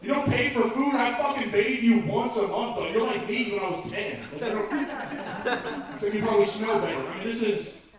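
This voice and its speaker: A man doing a profane, animated stand-up set in a comedy club, incredulous and ranting. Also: sits high, a little fast. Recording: echoey club from far off, crowd.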